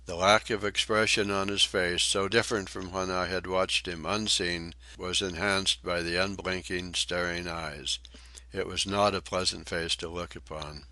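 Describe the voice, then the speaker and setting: A man reading an adventure novel aloud as audiobook narrator, in steady, even storytelling. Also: low voice, unhurried, no room sound. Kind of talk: scripted narration.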